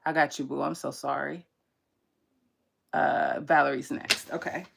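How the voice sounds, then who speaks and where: A woman's voice: low-pitched, unhurried, vocal fry, background noise. A young woman, hosting a casual tarot livestream and telling candid stories with slang to her viewers. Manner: candid, animated storytelling with slang and laughter. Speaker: tarot reader and channel host.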